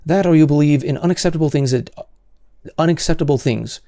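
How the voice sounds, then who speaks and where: A man's voice: on the high side, brisk, warm tone, no room sound, clean studio sound. A man hosting solo commentary, answering comments in an exasperated, sarcastic way with many stammered restarts.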